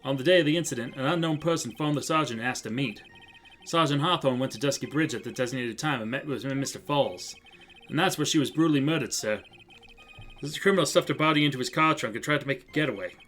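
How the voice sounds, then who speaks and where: A man's voice: medium pitch, fast talker, fairly bright tone, slight background noise, close to an everyday voice. A man voicing a male police detective in a game who gives testimony in a businesslike way and addresses the judge as "sir". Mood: dutiful. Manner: deferential and businesslike, adds "sir".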